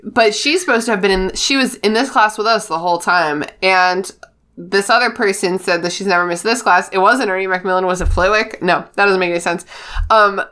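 Bright-sounding woman cohosting a chatty podcast, laughs a lot, animated. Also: medium pitch, fairly quick. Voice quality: laughs often, animated storytelling. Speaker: podcast co-host. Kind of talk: casual chat.

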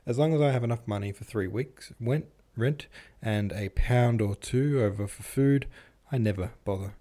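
A man's voice: mid-range voice, moderate pace, dark tone, close to an everyday voice. A man reading as a carefree, sympathetic young woman.

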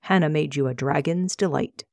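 A frail old man speaks slowly and calmly in a storybook reading, voiced by a woman. His words are plain and unhurried, the voice low and dry. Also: no room sound. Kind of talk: audiobook reading.

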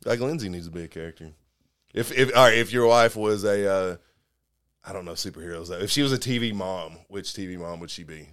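A man co-hosting a podcast in casual chat, joking and teasing his co-host and sometimes jumping into high-pitched imitations. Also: a little fast, fairly bright tone, smooth, no echo, studio quality.

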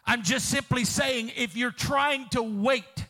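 A man pastor, preaching a fervent sermon, calling out to the congregation, with sudden shouts and soft drops. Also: very high-pitched, measured pace, hardly any pauses. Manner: calls out to congregation.

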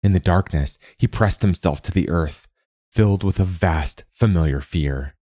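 A man narrating a fantasy story in a steady, measured reading. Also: low-pitched, no echo, clean studio sound.

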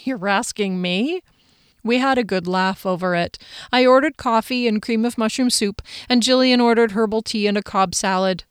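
Woman audiobook narrator, first-person story, measured, expressive, smooth, dry close sound. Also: on the high side, no room sound.

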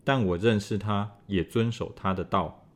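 A man reads scripture aloud at an even, measured pace. His voice sits somewhat low. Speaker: scripture reader.

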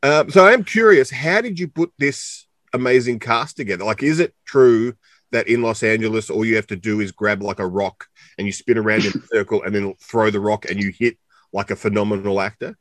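A man's voice: on the low side, fairly quick, fairly bright tone, no room sound. A man with an Australian accent co-hosting a casual interview, chatty and joking, rambling with lots of fillers. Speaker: co-host interviewer.

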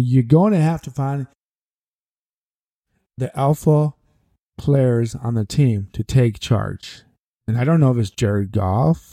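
A man's voice: mid-range voice, vocal fry, warm tone, no room sound. A man hosting a podcast, giving casual sports commentary in a rambling way, repeating phrases for emphasis and sounding short of breath. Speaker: podcast host.

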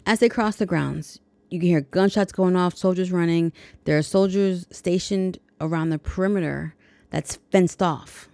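A woman's voice: on the low side, moderate pace, vocal fry, darkish tone, no echo. A woman hosting a podcast, casually retelling a movie's plot with chatty, jokey asides. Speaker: podcast host.

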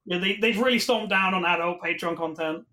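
A woman's voice: fairly low pitch, a little fast, bright, forceful tone. A woman co-hosting a podcast in casual chat, teasing crudely and laughing a lot. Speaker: podcast co-host.

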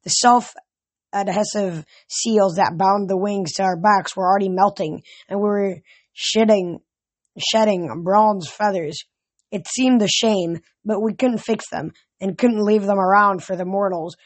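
A man reading a novel aloud as a fan audiobook, steady with occasional slips and restarts. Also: sits high, a little slow, no echo. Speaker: audiobook reader.

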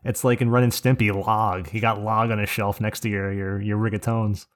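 A man's voice: on the low side, steady tone, moderate pace. A man co-hosting a podcast in casual chat, profane and opinionated, going off on rants. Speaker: podcast co-host.

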